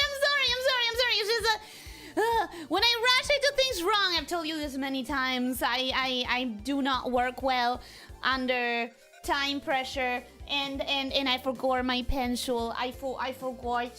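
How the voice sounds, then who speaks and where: A woman streamer chatting casually with her viewers, bubbly and quick to laugh, rambling and self-deprecating as she greets everyone. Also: sits high, fairly even intonation, sharp tone, soft background music. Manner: bubbly, greets viewers in a repeated welcome routine. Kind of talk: casual livestream chat.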